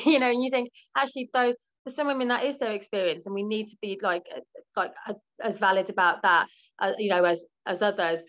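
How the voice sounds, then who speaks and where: A woman's voice: mid-range voice, fairly quick. British woman, podcast guest, frank and talkative, slightly muffled dull recording. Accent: British English. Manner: frank, talkative, many fillers and restarts. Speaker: interview guest. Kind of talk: candid podcast interview.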